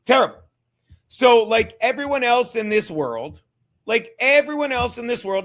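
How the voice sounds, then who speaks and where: A man hosts a live stream in a loud, profane rant, mocking people and repeating his points. His voice sits unusually high and sounds bright and piercing. He often rises into shouts. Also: animated, normal speed. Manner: repeats himself, shouts at times. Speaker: streamer host. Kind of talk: ranting live stream commentary.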